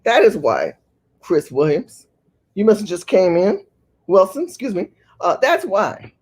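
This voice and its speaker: An animated woman hosts a livestream, reading the chat aloud and pressing viewers with rhetorical questions. Her pitch rises and falls in lively swings. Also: measured pace, slightly rough. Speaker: livestream host. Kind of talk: live-stream talk reading the chat.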